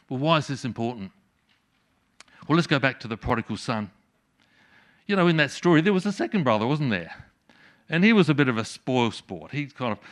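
A middle-aged man preaching a sermon, swinging from loud emphatic peaks to soft hushed endings. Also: on the high side. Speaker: pastor.

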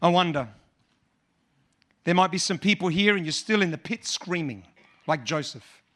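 A man's voice: on the high side, expressive, normal speed, fairly bright tone. A male pastor preaching a sermon with impassioned, repetitive emphasis.

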